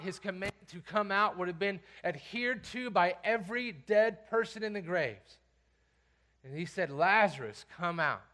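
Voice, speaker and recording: A pastor with a notably high voice for a man delivers a sermon. He reads scripture aloud, drops to near-hushed intensity, then rises sharply into loud, commanding calls. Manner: emphatic preaching, swings from hushed to loud commands.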